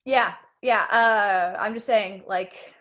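A woman's voice: mid-range voice, fairly bright tone, muffled recording. A woman co-hosting a podcast, chatting casually and adding joking asides. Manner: joking asides and quick quips. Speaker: podcast co-host. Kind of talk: casual chat.

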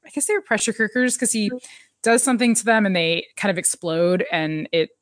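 A woman's voice: medium pitch, a little fast, a little hiss or hum. A woman co-hosting a casual chat, recapping a TV episode with an easy, enthusiastic manner. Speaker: podcast co-host.

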